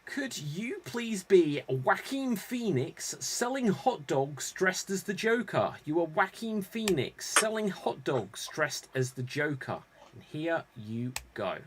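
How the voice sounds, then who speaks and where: A man's voice: on the high side, sing-song, slow pace, slight background noise. A man hosting an online improv game show, playful and self-mocking.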